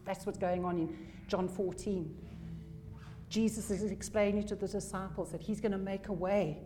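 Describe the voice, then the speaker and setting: A woman's voice: mid-range voice, fairly even intonation, moderate pace, dark tone, a little hiss or hum. A woman preaching a sermon, emphatic, repeating key phrases for weight.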